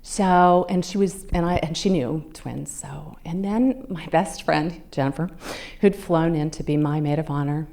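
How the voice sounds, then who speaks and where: A woman's voice: sits low, measured pace, creaky, warm tone. A woman in her fifties giving a talk as a guest speaker, telling a personal story in a conversational way and acting out the people she quotes. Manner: conversational, acts out quoted voices. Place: club meeting room.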